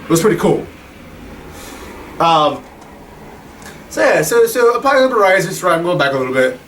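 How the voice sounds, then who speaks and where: A man's voice: a little high, very animated, moderate pace, a bit bright, a little hiss or hum. A young man giving a casual, profane film review, rambling with lots of fillers, a little distant from the mic. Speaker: movie reviewer.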